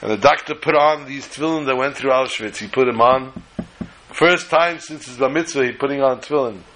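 A man's voice: mid-range voice, fairly quick, fairly bright tone, slight background noise, poor audio. A man telling a story in a sermon, acting out the dialogue with animation.

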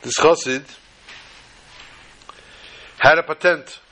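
A man with a fairly high, bright and forceful voice tells folksy stories to a small gathering. He drops joking asides to the listeners between parables. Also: slow pace. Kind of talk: storytelling talk to a small gathering.

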